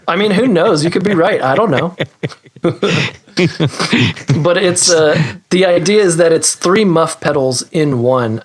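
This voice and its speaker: Rambling self-deprecating male podcast guest. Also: on the high side. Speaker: guest, guitar pedal maker. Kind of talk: casual interview chat.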